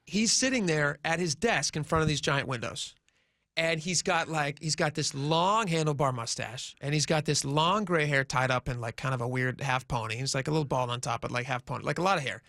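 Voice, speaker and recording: A man's voice: on the high side, brisk, bright, forceful tone, no echo, studio quality. Man in his forties telling a rambling story. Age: 40s. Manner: rambling anecdotal storyteller, many fillers. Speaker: radio host. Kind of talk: casual storytelling on talk radio. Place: radio studio.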